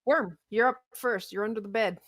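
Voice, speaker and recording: A woman running a tabletop game as game master, brisk and upbeat with quick asides. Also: medium pitch, a bit bright.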